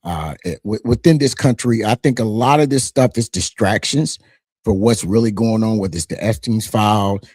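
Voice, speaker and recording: A man's voice: lowish voice, moderate pace, breathy edge, dry recording, studio quality. A middle-aged man from the United States, hosting his own channel with casual, emphatic commentary that often restarts mid-sentence. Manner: animated, emphatic, frequent restarts. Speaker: channel host.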